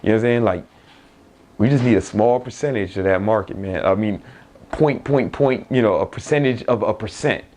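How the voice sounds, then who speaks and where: A man's voice: on the low side, moderate pace, darkish tone. A young man, an entrepreneur, giving a blunt, profane motivational talk with frequent laughs and restarts.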